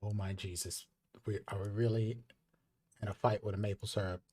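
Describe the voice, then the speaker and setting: A man's voice: fairly low pitch, level tone, a little fast, dark tone, slightly rough. Sarcastic man player. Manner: sarcastic, joking retorts. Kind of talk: in-character tabletop play.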